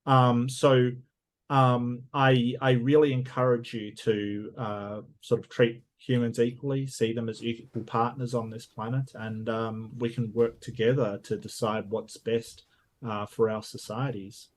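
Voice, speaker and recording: A man speaking in a debate in a measured way, restarting phrases now and then. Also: medium pitch, level tone, slight background noise. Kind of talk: debate closing statement.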